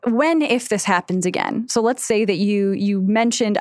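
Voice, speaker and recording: A woman's voice: medium pitch, moderate pace, hardly any pauses, darkish tone, no room sound, clean studio sound. A woman co-hosting an advice podcast, walking through steps and acting out sample scripts in casual chat. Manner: gives step-by-step advice, reads sample scripts aloud.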